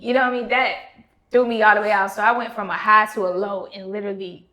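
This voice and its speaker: A woman in her thirties hosting a podcast, telling her own story candidly and acting out quoted dialogue in an animated way. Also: medium pitch, quick pace.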